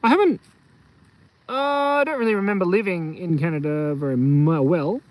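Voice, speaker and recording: A man's voice: fairly high pitch, brisk, darkish tone, poor audio. A man hosting a casual live stream from a hilltop outdoors, rambling and telling silly jokes. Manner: goofy, joking, rambling with fillers. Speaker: kids' channel host.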